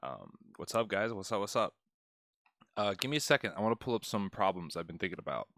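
A man's voice: on the low side, fast talker, fairly bright tone, no room sound. Laid-back young man tutor, dry and close. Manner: laid-back, chatty, greets viewers by name. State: out of breath. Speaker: test prep tutor streaming live. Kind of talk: casual livestream chat.

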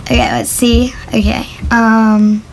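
A woman's voice: a little high, little pitch movement, slow pace, slight background noise, low-quality recording. A female vlogger chatting casually to camera in a giggly, self-conscious way as she tries out a voice app.

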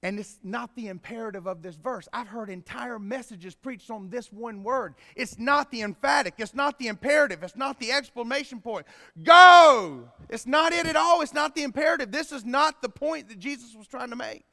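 A man preaching a sermon as pastor, swinging from quiet explaining to loud emphatic bursts. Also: very high-pitched, a little fast, vocal fry, hardly any pauses. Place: church sanctuary. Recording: long reverb in a church hall.

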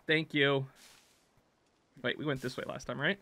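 A man doing let's play commentary, yelling at his character and swinging from muttered self-talk to loud shouts. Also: mid-range voice, fairly even intonation, normal speed. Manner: jokey self-talk while playing. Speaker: gaming channel host.

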